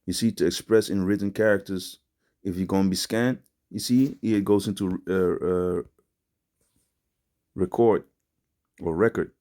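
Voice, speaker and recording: Deep-voiced man preaching in street slang. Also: steady tone, normal speed, warm tone. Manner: rambling with many fillers and restarts. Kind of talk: informal religious teaching.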